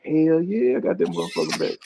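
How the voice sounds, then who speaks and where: A man's voice: fairly high pitch, huge pitch swings, a little fast, vocal fry, dark tone, husky. A man guest in a casual interview, laid-back and boastful, cursing freely in loose slang. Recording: dull lo-fi sound.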